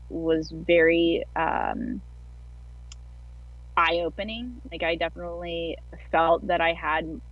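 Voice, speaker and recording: A woman's voice: lowish voice, no room sound. A woman guest telling her story in a casual interview over a video call, chatty and full of filler words. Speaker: guest athlete. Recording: dull lo-fi online call audio.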